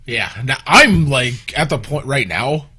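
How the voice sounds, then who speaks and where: A man's voice: mid-range voice, unhurried, slightly rough. A man in his thirties chatting crudely and jokingly as a podcast co-host. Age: 30s. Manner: crude, joking, bursts into animated put-on voices. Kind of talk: casual chat.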